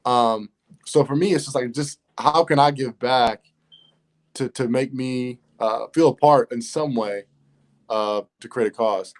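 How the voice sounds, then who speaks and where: A man's voice: mid-range voice, a little slow. A man appearing as a podcast guest, speaking reflectively in casual conversation with frequent fillers and restarts. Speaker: podcast guest, author and businessman.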